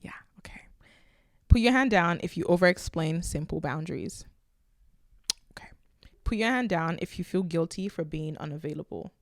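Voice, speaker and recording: Low-voiced woman hosting a candid podcast. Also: moderate pace, long pauses, no echo. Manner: candid, conversational, animated storytelling. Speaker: podcast host. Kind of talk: casual solo podcast talk.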